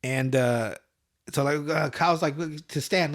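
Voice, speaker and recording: A man's voice: a little high, normal speed. Rambling, profane young man. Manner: rambling, laughs often, acts out characters' lines in a raised voice. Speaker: podcast host. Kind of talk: casual podcast recap, profane.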